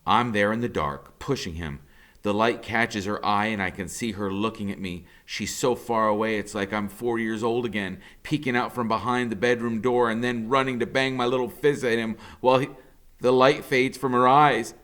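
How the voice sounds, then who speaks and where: A man, a teacher, reading a novel aloud with expressive storytelling. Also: on the low side, moderate pace. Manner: expressive storytelling, rising to intensity.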